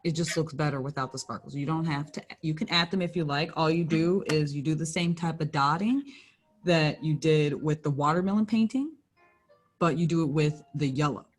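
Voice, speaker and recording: A woman's voice: deep voice, normal speed, faint music behind. A young woman working for a library, teaching a small painting class in a casual, chatty way with lots of "like" and self-corrections. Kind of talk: casual craft tutorial.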